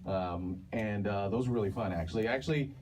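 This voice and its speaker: A man animator telling stories on a panel in a lively way, laughing as he talks. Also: lowish voice, a little fast. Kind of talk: panel reminiscence. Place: panel talk before an audience. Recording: distant mic with clear background noise.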